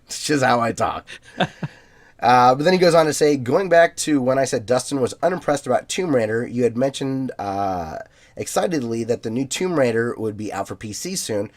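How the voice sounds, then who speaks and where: A man co-hosting a podcast in a relaxed way, reading out listener emails with plenty of fillers and easy laughs. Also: mid-range voice, moderate pace. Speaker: podcast co-host.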